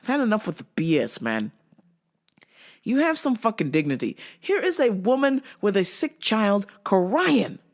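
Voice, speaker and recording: A woman hosting a show, telling a comic story in a profane, animated way and laughing often. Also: medium pitch, a little slow. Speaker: host.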